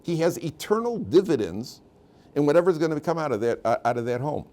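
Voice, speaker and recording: Animated rabbi telling stories in class. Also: male voice, a little high, fairly quick. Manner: animated, many restarts and repeated words. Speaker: rabbi teaching a weekly class. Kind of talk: storytelling lecture. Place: yeshiva classroom.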